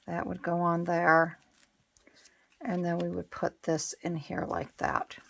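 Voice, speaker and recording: A woman's voice: lowish voice, completely flat delivery, slow, gravelly. A woman talking through her art journal crafting in a casual, thinking-aloud way, musing and changing her mind as she goes. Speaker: craft channel host. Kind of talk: casual craft tutorial narration.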